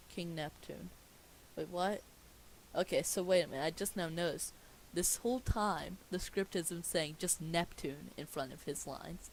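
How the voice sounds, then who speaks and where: A man's voice: fairly high pitch, normal speed, gravelly, rough recording. A man reading a cartoon movie script aloud as comedy, stopping now and then to question the script. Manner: reads stage directions aloud, stops to question the script. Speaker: script reader. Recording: faint hiss behind.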